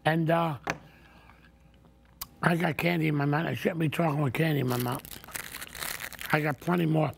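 A man's voice: fairly high pitch, steady tone, moderate pace, long pauses, a little hiss or hum. An older man, hosting a talk show in a rambling, opinionated, casual way. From New York. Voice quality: gravelly. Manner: rambling, opinionated, repeats himself.

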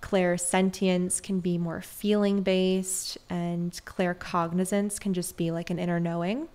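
A woman guest on a podcast, a breathwork mentor, telling stories in an animated, chatty way, often saying "like". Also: lowish voice, a little slow. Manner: animated, peppered with "like". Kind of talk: conversational storytelling.

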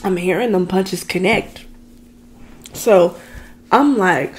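A woman's voice: fairly low pitch, slow, long pauses, a little hiss or hum. A woman vlogger telling a dramatic personal story in a chatty, ranting way, talking straight to her viewers. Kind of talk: casual storytime rant.

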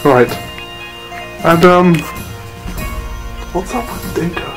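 A man's voice: high voice, animated, slow pace, rough recording. A man playing an interviewer who asks dry, skeptical questions in a comedy sketch. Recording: music heard underneath.

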